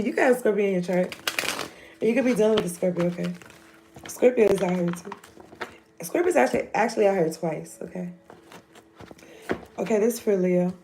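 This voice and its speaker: A woman's voice: mid-range voice, mellow, slight background noise. Joking, chatty woman reading tarot. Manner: loose, joking, profane and chatty. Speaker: tarot reader.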